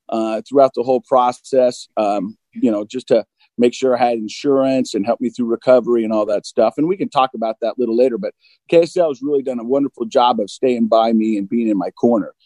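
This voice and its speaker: Candid mid-forties man with a mellow voice. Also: mid-range voice, fairly quick, dry recording, low-quality recording. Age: 40s. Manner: open and self-deprecating, acts out both sides of dialogue. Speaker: guest recounting recovery. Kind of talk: candid conversational storytelling.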